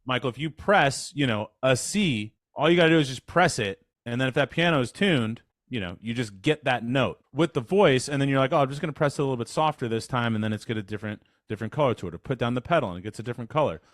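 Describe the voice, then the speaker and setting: A man's voice: medium pitch, quick pace, hardly any pauses, no echo, studio quality. Chatty man coaching on a video call. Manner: energetic, chatty, demonstrates with his voice. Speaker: voice coach leading a workshop. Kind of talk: casual instructional talk. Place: online call.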